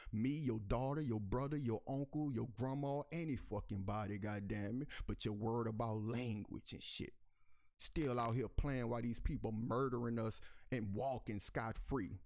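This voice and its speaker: A man hosting an angry commentary, reading a news article aloud and breaking off to rant profanely, constantly calling to his listeners as y'all, his pitch jumping high when he is outraged. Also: a little mellow. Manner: heated, profane, repeatedly addressing listeners as y'all. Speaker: commentary channel host.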